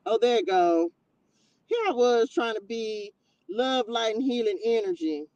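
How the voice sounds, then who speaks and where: Her voice sits on the high side and she's unhurried, heard on a muffled recording with no room sound. As host of a casual livestream using a tablet mic, she chats expressively, addresses viewers as baby and child, and laughs in bursts.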